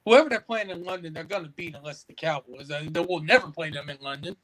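A man in casual sports chat, animated and teasing, with halting restarts. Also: a little high, low-quality recording.

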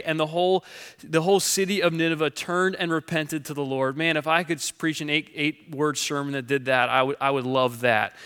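A man's voice: high-pitched, pushed and bright, clean tone. A man preaching a sermon from a stage, telling the story earnestly with frequent restarts. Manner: earnest storytelling with many restarts and acted quotes. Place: large hall with stage. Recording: long hall reverb.

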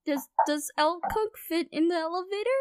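A woman playing a tabletop game, excitable and giggly. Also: very high-pitched, normal speed. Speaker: player. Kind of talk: casual tabletop play.

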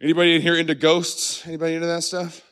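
A man's voice: fairly high pitch, completely flat delivery, racing, a bit bright, clear, resonant tone. A man in his twenties doing a stand-up comedy set for a live audience, laughing at his own jokes and talking straight to the crowd. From Bible Belt of the US. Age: 20s. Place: church hall with a live audience.

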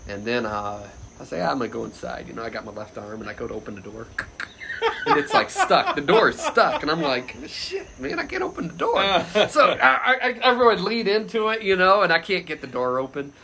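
A man telling a funny personal story as a podcast guest, loose and animated, often laughing and shouting out the lines he quotes. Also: medium pitch, fairly quick, gravelly, heavy background noise. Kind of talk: casual anecdote storytelling.

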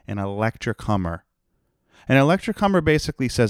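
A man's voice: lowish voice, big pitch swings, normal speed, smooth, no room sound, clean studio sound. A young man hosting a podcast, rambling and ranting in a profane, sarcastic way. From Rhode Island, United States. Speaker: podcast host. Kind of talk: casual solo podcast rant.

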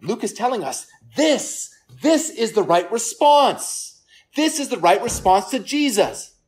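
A pastor delivers an earnest sermon to a congregation gathered in a church service room. His medium-pitched voice has a sing-song lilt and a measured pace, and he often repeats words and drops quiet for emphasis.

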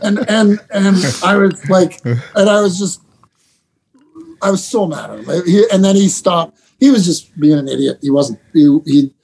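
A middle-aged man, a basketball head coach, telling animated stories with laughter and quick restarts in a casual interview. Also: sits high, creaky, husky. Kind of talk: storytelling guest in a casual interview.

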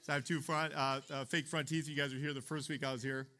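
Bright-voiced young youth pastor. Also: male voice, on the high side, little pitch movement, fast talker, a little hiss or hum. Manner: chatty, keeps asking the room "okay?" and "right?". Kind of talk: youth sermon.

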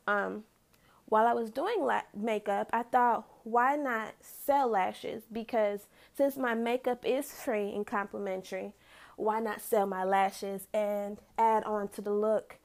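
A woman in her thirties talks through her story in a relaxed solo podcast. Her voice carries a gravelly fry, and she sits at a middle pitch. She keeps it chatty, with shout-outs and easy laughs. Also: measured pace. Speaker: lash business owner and podcast host. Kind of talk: casual solo podcast talk.

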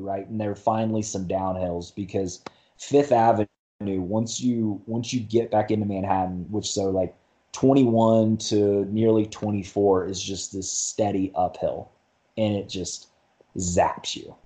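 A man with a low, mellow voice tells his story in a loose, rambling way. He keeps restarting his sentences and filling gaps, like a guest chatting on a podcast. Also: fairly even intonation, measured pace. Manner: rambling, lots of fillers and restarts. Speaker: podcast guest, marathon runner. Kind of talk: casual conversation.

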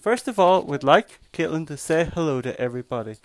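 A man hosting a bedtime-story podcast, reading aloud to his child in a gentle, expressive way. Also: on the high side. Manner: gentle, expressive storytelling with slow drawn-out phrases.

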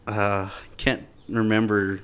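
A man's voice: fairly low pitch, little pitch movement, takes it slowly, fairly bright tone, clean tone. A young man in casual chat, easygoing, swearing freely and laughing a lot. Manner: easygoing, swears often, says man and dude.

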